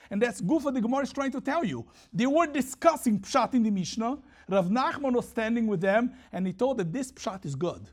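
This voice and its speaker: A man teaching a Talmud lesson, reading Aramaic passages and explaining them in lively English. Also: very high voice, brisk.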